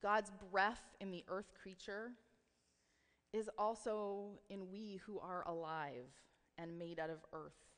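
A woman's voice: medium pitch, fairly even intonation, takes it slowly, a bit bright. A woman giving a sermon, talking in an earnest, reflective way with casual filler words. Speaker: preacher. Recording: long reverb of a hall.

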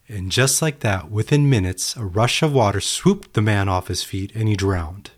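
A man's voice: on the low side, moderate pace, hardly any pauses. A man hosting a solo podcast, talking earnestly and telling a parable. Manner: earnest, storytelling. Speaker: podcast host. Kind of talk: reflective solo podcast talk.

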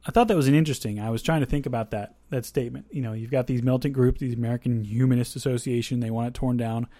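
A man's voice: mid-range voice, fairly even intonation, racing, mellow, dry recording. A man hosting a faith podcast, talking casually and thinking aloud with asides and restarts. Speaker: podcast host.

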